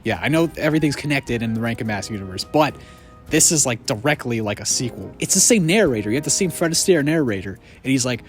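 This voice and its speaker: A man's voice: medium pitch, fast talker, faint music behind. A man hosting a casual comedic movie retrospective outdoors under a tree, rambling and jokey. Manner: rambling, jokey, animated with voice jumps. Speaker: video essay host.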